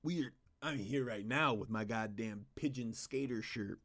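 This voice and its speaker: A man's voice: mid-range voice, a little slow, a bit bright, pitched below the performer's own voice. A man putting on a mocking impression of an overly passionate young man, overdramatic and pleading.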